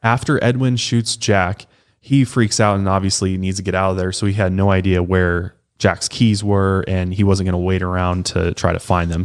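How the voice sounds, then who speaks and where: A man with a deep, low voice narrates a true-crime case in a relaxed, conversational way. He co-hosts a podcast and drops the odd swear word as he tells the story. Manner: relaxed, swears casually, acts out quotes. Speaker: podcast co-host.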